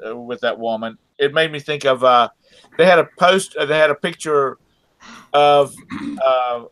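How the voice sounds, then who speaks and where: A man's voice: fairly high pitch, fairly bright tone. A middle-aged man joking and rambling with fillers in a casual group chat.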